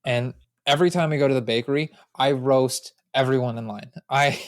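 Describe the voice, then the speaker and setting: A young man co-hosting a casual podcast, telling stories with a lot of energy, swearing freely and laughing as he goes. His voice is medium-pitched and sits close to the mic. The sound is dry, with no room reverb. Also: a little fast. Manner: animated storyteller, swears freely and laughs often. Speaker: podcast co-host. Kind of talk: casual chat.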